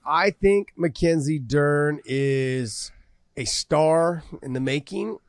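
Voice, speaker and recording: A man's voice: a little high, takes it slowly, no room sound, clean studio sound. A man co-hosting a combat sports podcast, teasing his partner and then reading a sponsor spot and analysing fighters. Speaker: podcast co-host. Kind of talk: casual chat and sponsor read.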